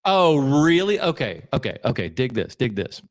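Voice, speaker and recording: A man's voice: medium pitch, sing-song, normal speed. A man hosting a podcast, riffing sarcastically and swearing as he reacts live to video clips. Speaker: podcast host.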